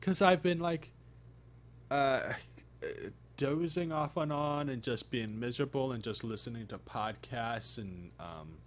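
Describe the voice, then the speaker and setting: A tired, groggy man chatting casually on his live stream, rambling with halting restarts. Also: mid-range voice. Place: home streaming setup.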